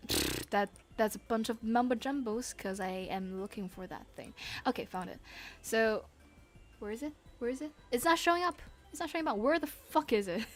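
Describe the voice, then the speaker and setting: A woman's voice: a little high, fairly bright tone. A woman streamer chatting casually with her audience, giggly and rambling, speaking English as a second language. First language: not English. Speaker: vtuber streamer. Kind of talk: casual livestream chat.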